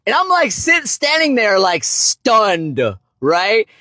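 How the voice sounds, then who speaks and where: A young man casually telling a story on a livestream, rambling and swearing, tagging "right?" onto his lines, his voice leaping high when excited. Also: slow, no echo. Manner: rambling, profane, constant "right?" tags. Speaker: fitness and finance creator.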